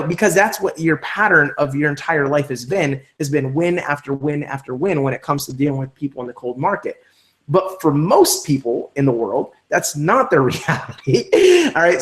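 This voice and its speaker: A man leading a live online training session for network marketers, talking in an energetic, emphatic coaching way. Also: on the high side.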